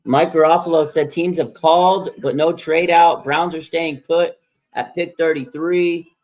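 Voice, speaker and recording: A man hosting a live sports draft stream, excitable and rambling, repeating himself and laughing as picks come in. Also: fairly high pitch, unhurried. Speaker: livestream host. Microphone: streaming microphone.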